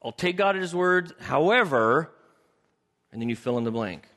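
Animated male pastor in a reverberant hall. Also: a little high, moderate pace. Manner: animated, acts out biblical characters in shifting voices. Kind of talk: sermon.

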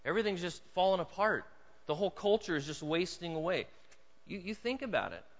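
A man preaching a sermon to a congregation, swinging from hushed storytelling to loud, emphatic points. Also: high-pitched, sing-song, fairly quick, big-room sound, muffled recording. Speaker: pastor. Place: church hall.

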